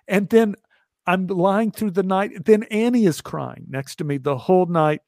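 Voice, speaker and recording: A man's voice: high-pitched, a little slow, creaky, a little mellow, dry recording, studio quality. A middle-aged man telling a personal story, wry and self-mocking, acting out other people's lines with big jumps in his voice.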